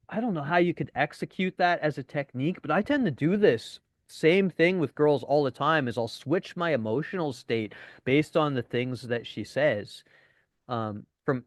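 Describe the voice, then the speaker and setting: A man teaching a casual webinar as a dating coach, chatty and swearing now and then, acting out deadpan lines. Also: medium pitch, dry recording, clean studio sound.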